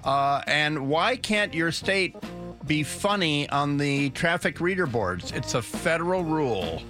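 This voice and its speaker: A man hosting a talk radio show who rambles in opinionated banter, halting and restarting often. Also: fairly high pitch, lively intonation, bright, forceful tone, soft background music.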